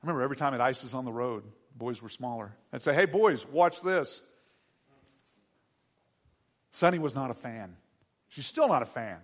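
Animated male pastor preaching. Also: medium pitch, normal speed, long pauses, big-room sound. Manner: animated, swings from quiet asides to loud emphatic preaching. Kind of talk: sermon.

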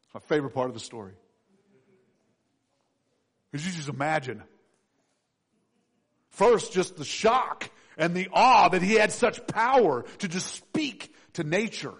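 A middle-aged man preaching a sermon, acting out voices and swinging from loud to hushed. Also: fairly high pitch, expressive, a little slow, long pauses, slightly rough. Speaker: pastor.

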